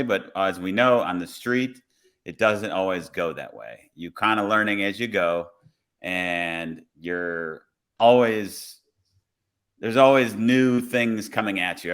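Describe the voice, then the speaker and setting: Man, lowish voice, police officer, relaxed podcast storyteller who acts out his own lines. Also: clean tone.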